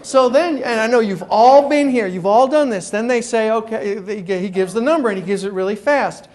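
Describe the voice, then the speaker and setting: High-voiced New man telling stories. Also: a little fast, few pauses. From New York. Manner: animated storyteller acting out phone calls. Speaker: guest speaker. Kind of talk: humorous keynote talk. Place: conference room before an audience.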